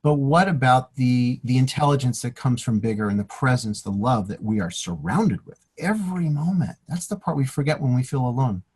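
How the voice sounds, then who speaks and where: A man's voice: mid-range voice, a little fast, hardly any pauses, a little mellow, husky. A man co-hosting a casual chat, speaking reflectively and affirming his partner. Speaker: co-host.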